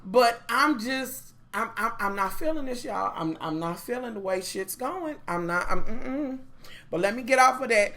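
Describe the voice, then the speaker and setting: A woman reviewing a TV show in a casual chat, blunt and profane, talking straight to her viewers. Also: mid-range voice. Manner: animated, opinionated.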